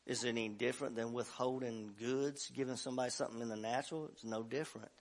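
A man preaching a sermon as pastor, telling a story in a folksy way and building to loud shouts. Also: medium pitch, fairly even intonation, quick pace. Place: church sanctuary.

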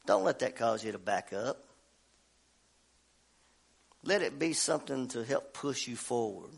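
A man preaching a sermon to a church congregation, fervent and rhythmic, swinging between shouted climaxes and quiet, low asides and calling out to the crowd for response. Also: gravelly. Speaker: pastor. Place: church service.

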